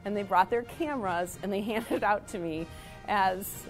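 A woman teacher telling a personal story in a lively, self-mocking way. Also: medium pitch, normal speed, soft background music.

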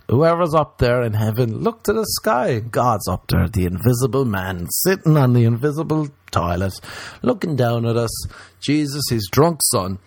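A man's voice: medium pitch, breathy edge, no room sound. A man telling rambling comic stories and laughing at his own jokes. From Ireland. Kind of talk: casual comedic storytelling.

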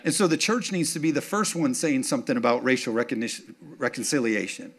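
A male pastor delivering a sermon in a mid-pitched voice. He talks straight to the congregation, checks that they are following, and builds to punchy, emphatic points. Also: fast, breathy edge. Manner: call-and-response, keeps checking in with the congregation; rises to emphatic, punchy declarations.

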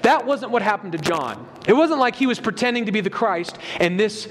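A man's voice: high voice, sing-song, fairly quick, fairly bright tone. A man preaching a sermon, explaining a Bible passage emphatically and reading scripture aloud to his congregation. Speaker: pastor. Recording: long hall reverb.

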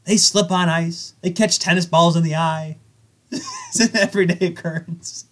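A young man with a fairly high voice, talking loosely and at length about hockey with his co-hosts. He laughs easily, trails off and starts over mid-sentence. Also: moderate pace. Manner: rambling, laughs often, restarts sentences. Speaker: podcast co-host. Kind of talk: casual sports chat.

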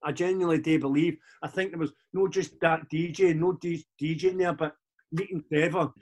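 A man in his forties with a Glaswegian accent, a guest chatting casually in a halting, rambling way with many restarts. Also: on the high side, steady tone, a little mellow. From Scotland. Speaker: podcast guest, DJ. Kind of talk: casual chat.

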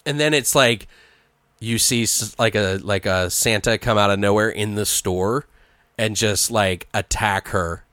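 A man in a casual chat, brainstorming a comedy movie plot aloud, animated, swearing and acting out bits of dialogue. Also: lowish voice, unhurried, clean tone, no room sound, clean studio sound.

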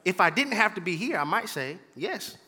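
A man's voice: high voice, sing-song, moderate pace, pushed and bright, breathy edge, long reverb tail. A man preaching a sermon as pastor in a church, emphatic and repetitive, calling out to the congregation. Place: church sanctuary.

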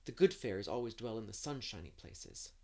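A man's voice: on the low side, expressive, a little fast, gravelly, dark tone. A man doing a dreamy eager young girl. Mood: hushed dramatic.

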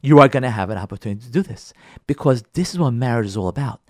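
A middle-aged rabbi and marriage counselor lectures on marriage in a mid-range voice, speaking at a racing pace. He addresses his listeners directly, leaning on emphasis and repetition, and lively acts out husbands' and wives' quarrels in dialogue. The studio sound is clean, with no room sound.

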